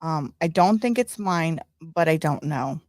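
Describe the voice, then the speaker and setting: A woman's voice: sits low, lively intonation, unhurried, darkish tone, no room sound. A woman co-hosting a podcast, relaying gossip news with many fillers. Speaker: podcast co-host presenting news. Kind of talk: casual chat.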